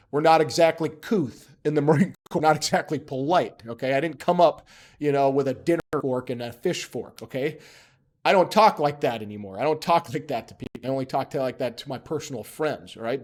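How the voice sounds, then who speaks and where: Guy running a casual lesson, punchy and joking, keeps going "okay?". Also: medium pitch. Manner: emphatic, often checks in with "okay?". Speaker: instructor.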